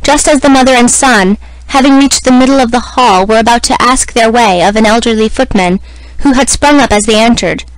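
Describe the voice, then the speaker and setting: A woman's voice: a little high, no room sound, rough recording. Woman reading a novel aloud, dry. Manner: measured, even reading of a classic novel. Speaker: audiobook reader. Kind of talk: scripted narration.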